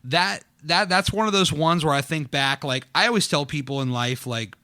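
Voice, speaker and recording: A man's voice: a little high, moderate pace, bright, forceful tone, dry recording. A man hosting a podcast, chatting casually in a dining room and telling rambling, self-deprecating stories full of fillers. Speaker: podcast host. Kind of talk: casual chat.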